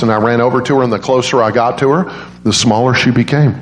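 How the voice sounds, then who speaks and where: Male preacher, animated storyteller, mid-pitched voice, roomy church echo. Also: fast talker. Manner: animated, jumps into high voices for quoted grandmas. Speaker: guest preacher. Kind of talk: storytelling sermon.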